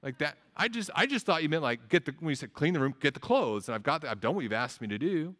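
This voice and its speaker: A man's voice: a little high, sing-song, fast, fairly bright tone, in a large hall, voice pushed up. A man mimicking a whiny, excuse-making kid. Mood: defensive. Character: defensive child caught not cleaning room.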